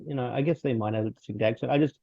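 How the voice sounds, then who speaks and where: A man co-hosts a casual film review podcast, rambling with lots of restarts and chuckles. His mid-range voice races along, creaky yet mellow. The audio is dull, dry, and lo-fi, with no room sound.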